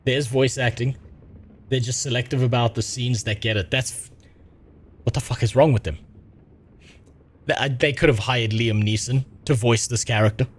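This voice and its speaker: A man's voice: medium pitch, fairly even intonation, moderate pace, long pauses, husky. A man streaming a game live, commenting in a profane, exasperated way.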